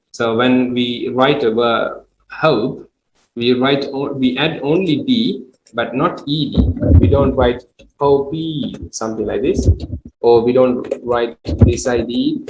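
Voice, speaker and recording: Slow, patient male English teacher. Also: medium pitch, slight background noise. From Sri Lanka. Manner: slow, patient explaining with repeated examples. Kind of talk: classroom grammar lesson. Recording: echoey room.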